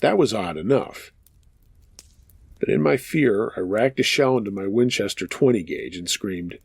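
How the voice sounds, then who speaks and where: A man's voice: lowish voice, lively intonation, normal speed, creaky, slightly rough, dry recording. A man hosting a show of true scary stories, reading listener accounts aloud in a casual, profane storytelling manner.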